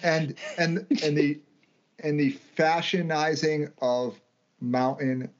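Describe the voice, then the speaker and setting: A man's voice: fairly high pitch, flat delivery, slow. A man co-hosting a casual podcast, ranting and swearing freely, often stumbling and restarting. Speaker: podcast co-host. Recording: dull lo-fi audio.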